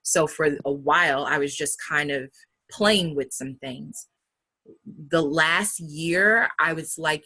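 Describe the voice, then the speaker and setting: A woman's voice: deep voice, slow, sharp tone, breathy edge. A woman with a New York accent speaking frankly and emphatically in a casual talk about public speaking. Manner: candid and emphatic.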